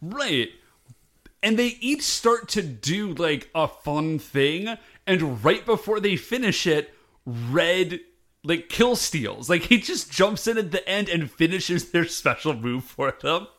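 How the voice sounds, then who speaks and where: A man's voice: a little high, slow pace. A man co-hosting a casual chat recap of a TV episode, acting out the characters' lines as he tells it. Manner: animated, acts out characters' lines. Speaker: podcast co-host.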